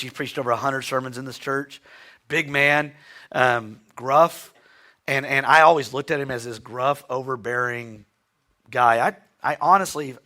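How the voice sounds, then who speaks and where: Bright-voiced male pastor preaching. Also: medium pitch. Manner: earnest, heartfelt storytelling. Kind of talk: sermon with personal story. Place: church sanctuary.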